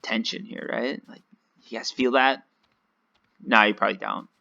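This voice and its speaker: A man's voice: on the low side, steady tone, normal speed, vocal fry, bright, forceful tone, dull audio. A man giving casual, rambling, self-mocking commentary while playing a video game. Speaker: gaming video host.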